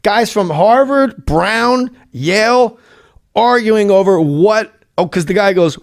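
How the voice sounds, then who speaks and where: A middle-aged man with a slightly higher voice, a guest telling comedy stories in casual chat. He is animated and profane, and he slips into quick impressions of the people in his anecdotes. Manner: animated, swears, acts out quoted voices, laughs at his own stories. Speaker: guest, former comedy writer.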